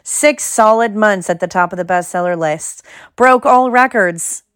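A woman's voice: mid-range voice, a little slow, fairly bright tone, clear, resonant tone, no echo, studio quality, natural voice. A woman voicing a vain, self-satisfied male celebrity teacher with a gushing manner, in a storybook reading.

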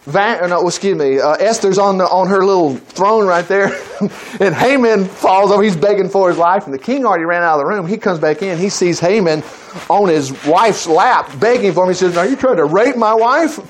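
A man preaching a sermon, retelling a Bible story in a lively, chatty way and acting out the characters' lines. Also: high-pitched, moderate pace, a little hiss or hum. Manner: animated, acting out voices, chuckling asides.

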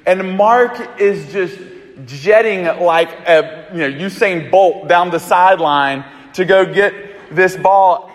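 A pastor delivers his sermon like a chatty story told to friends, animated and loose. His man's voice sits fairly high for a man. The sound carries a long echo from a large hall. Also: takes it slowly. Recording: echoey hall.

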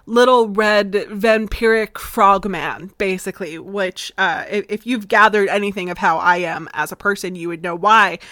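A woman's voice: medium pitch, fairly even intonation, normal speed, few pauses, pushed and bright, no room sound, studio quality. A woman with a slight Southern accent hosting a casual storytelling podcast, chatty and playful and swearing freely. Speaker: podcast host.

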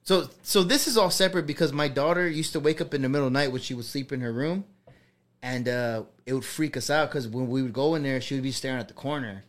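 A young man with a mid-range voice talks fast as he tells his own ghost story on a podcast he co-hosts. The casual storytelling rambles, packed with fillers and swearing.

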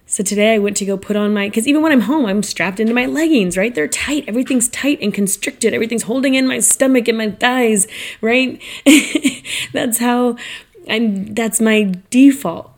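A woman's voice: fairly high pitch, normal speed. A woman in her thirties hosting a podcast, talking in a chatty, reflective monologue with many "like"s and "right?"s. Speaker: podcast host. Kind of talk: casual monologue.

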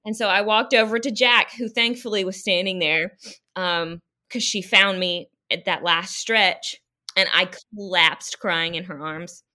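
A woman guest runner telling her story in a casual, animated and emotional way, speaking over a video call. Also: medium pitch, a little slow.

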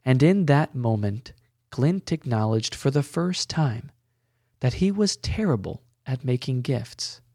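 Man, storyteller, gentle measured narration, slow pace, dry close sound. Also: medium pitch, no echo. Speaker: podcast host and storyteller. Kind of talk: scripted narration.

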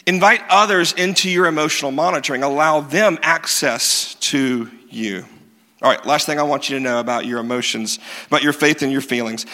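A man delivers a sermon with a bright, slightly high voice. He moves between earnest teaching and self-mocking stories, leaning on emphatic repeats. The sound rings out with the long reverb of a large hall. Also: lively intonation, normal speed. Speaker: pastor.

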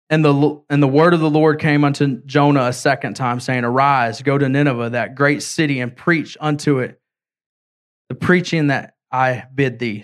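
A man preaching a sermon as an evangelist, retelling a story in casual words and reading scripture aloud with halting slips. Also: mid-range voice. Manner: storytelling, voicing characters in a casual way.

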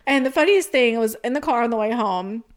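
A woman, co-hosting a podcast and telling stories in a lively, laughing way. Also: fairly high pitch, a little fast. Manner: animated, laughing often, acts out quotes. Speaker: podcast co-host. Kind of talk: casual storytelling chat.

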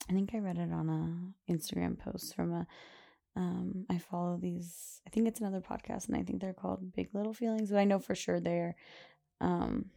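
A woman's voice: lowish voice, creaky, dark tone. A young woman hosting a parenting podcast, chatting casually and rambling with lots of fillers and little laughs. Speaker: podcast host. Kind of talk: casual chat.

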